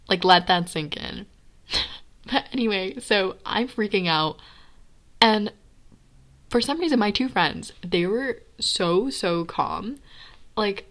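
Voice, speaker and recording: A young woman recounting a story on a podcast, her voice sitting a little low for a woman. She talks casually and animatedly, leaning on fillers like "like" and "right?" as she goes. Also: a bit bright. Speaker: podcast guest telling a personal story.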